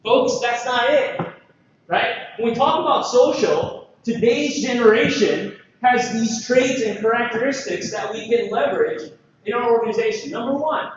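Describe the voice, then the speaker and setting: A man from the Philippines giving an energetic conference presentation, lively and joking, full of rhetorical questions. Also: very high voice, normal speed, a little hiss or hum. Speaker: conference speaker. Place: large conference hall. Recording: echoey, dull hall recording.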